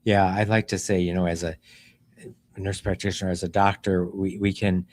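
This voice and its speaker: A middle-aged man, a doctor hosting, explaining things in a measured way. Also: low voice, little pitch movement, a little mellow, slight background noise. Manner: measured, explanatory, with fillers and restarts. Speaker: doctor and host. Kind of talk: interview conversation.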